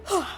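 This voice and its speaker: A woman streamer chatting casually while playing, muttering reminders to herself. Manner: chatty and self-talking, mutters instructions to herself. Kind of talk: casual gaming stream chat.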